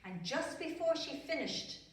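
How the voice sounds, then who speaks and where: A woman telling a story to young children, slow and expressive, adding sound effects. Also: high voice, a little hiss or hum. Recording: echoey room from far off.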